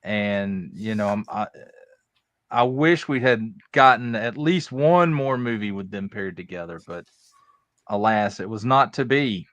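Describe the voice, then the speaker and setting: A man's voice: on the low side, unhurried, a bit bright, no echo. A man giving his casual take on a movie in an easygoing, chatty way. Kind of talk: casual movie review chat.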